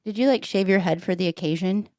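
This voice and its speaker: A woman co-hosting a comedy podcast who tells crude jokes with deadpan delivery and playful banter. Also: medium pitch, quick pace, dry recording, clean studio sound. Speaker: podcast co-host telling jokes.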